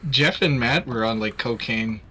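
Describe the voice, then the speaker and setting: Bright-voiced man ranting casually, swearing. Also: medium pitch, normal speed, slight background noise. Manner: rambling, swears, heated about wrestling. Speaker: charity stream host. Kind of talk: casual chat while gaming.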